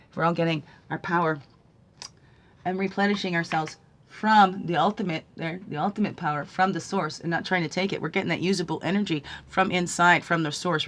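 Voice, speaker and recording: Spiritual guide, woman, gentle musing delivery that swells into emphatic preaching, keeps checking in with "right?". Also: low voice. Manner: soft-spoken, musing, often asking "right?"; swings from hushed to emphatic when preaching. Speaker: spiritual guide and card reader. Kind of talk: spiritual card-reading livestream talk.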